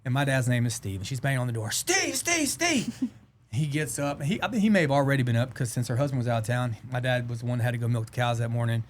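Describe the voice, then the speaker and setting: A man's voice: medium pitch, rapid-fire, slight background noise. A man from Southeast Texas, hosting a casual music podcast and telling folksy stories with easy laughs. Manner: folksy storyteller, laughs easily. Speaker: podcast host. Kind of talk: casual interview chat.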